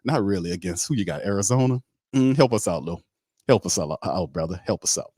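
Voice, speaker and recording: A man's voice: low-pitched, lively intonation, brisk, mellow, husky, no room sound, clean studio sound. A man hosting a casual sports talk livestream, joking and talking in slang. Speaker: host.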